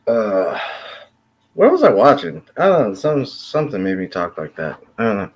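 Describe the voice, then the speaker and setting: A man's voice: lowish voice, big pitch swings, moderate pace, a little hiss or hum. A man hosting his own video channel, chatting casually and rambling, with many fillers and the odd curse word. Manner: rambling, lots of fillers and swearing. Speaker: YouTube commentary host. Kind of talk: casual vlog chat.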